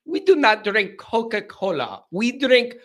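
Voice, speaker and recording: A haughty rich man, put on by a man in a high, thin voice with a strange made-up foreign accent. He sounds pampered and demanding, and he clips every word with disdain. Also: big pitch swings, a little slow, a bit bright, full character voice.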